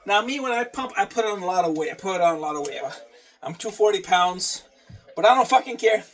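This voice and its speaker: A man's voice: high voice, animated, a little fast, a bit bright, far from the mic. A man talking casually through his day and a workout, repeating phrases and swearing offhand. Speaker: vlogger.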